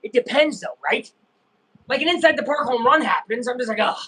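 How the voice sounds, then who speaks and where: Young man, bright voice, slightly husky, casual live stream chatter, rambling, sudden loud reactions. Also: very high voice, a little fast, poor audio. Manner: rambling, self-interrupting, bursts of excited yelling. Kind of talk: casual live game watch-along chat.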